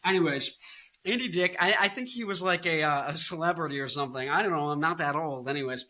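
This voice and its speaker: A young man in his twenties talks through music commentary in a loose, rambling way, cracking jokes and drifting off topic. His voice is bright and forceful and sits a little high for a man. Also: fast. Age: 20s. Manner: jokey, rambling, goofs off into silly bits. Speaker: music video host.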